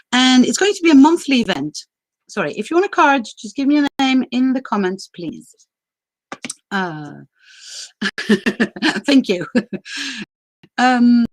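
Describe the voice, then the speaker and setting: A woman's voice: medium pitch, no echo, poor audio. Chatty woman hosting a live stream, dry sound. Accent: mixed international. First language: French and Greek. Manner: chatty, laughs often, many fillers. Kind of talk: casual livestream talk.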